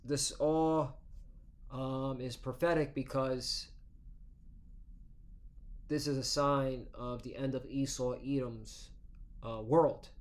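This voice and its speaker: A man's voice: mid-range voice, steady tone, takes it slowly, pauses often. A man reading scripture in a formal cadence, then preaching informally and checking in with listeners by saying "okay?" and "all right?". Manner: peppers talk with "okay?" and "all right?" tags. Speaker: religious teacher.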